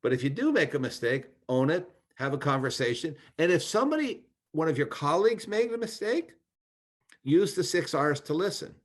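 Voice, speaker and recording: Lively-pitched man giving earnest advice. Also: moderate pace. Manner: earnest, advising, with frequent restarts. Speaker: guest speaker, former congressman. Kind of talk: webinar advice talk.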